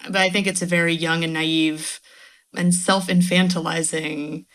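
A woman's voice: fairly low pitch, little pitch movement, normal speed, fairly bright tone. A woman who is a guest writer on a podcast, talking thoughtfully in casual chat and laughing now and then.

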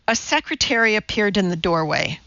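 A woman narrating an audiobook in a measured, even storytelling manner. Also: medium pitch, muffled recording. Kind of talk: scripted narration.

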